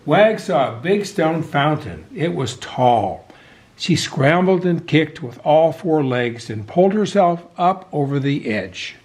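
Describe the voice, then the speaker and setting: Guy reading a kids book out loud, slow and super expressive, echoey room. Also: fairly high pitch. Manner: expressive, animated storytelling. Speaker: storybook reader. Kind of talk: reading a picture book aloud to children. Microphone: video call.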